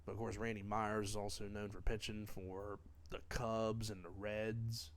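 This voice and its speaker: A man's voice: fairly low pitch, flat delivery, unhurried, a little hiss or hum. A man giving casual commentary over his own baseball video game, rambling through memories with many fillers and sometimes snapping in frustration at the game. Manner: bursts of frustration and swearing at the game. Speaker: gamer narrating his own play.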